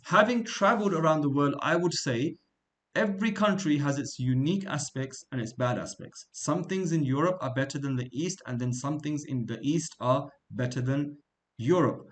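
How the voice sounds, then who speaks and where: A man's voice: a little high, normal speed. A man from England teaching a small class in an informal, conversational way. He wanders into side stories and asks the room questions as he goes. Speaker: religious studies teacher.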